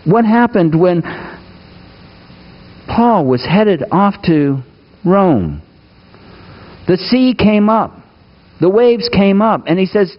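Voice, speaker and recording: A man preaching a sermon, asking his listeners questions and moving between raised, urgent lines and hushed asides. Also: high-pitched, very animated, slow, pauses often, lo-fi sound. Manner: asks the congregation questions, swings between raised and hushed delivery. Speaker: pastor.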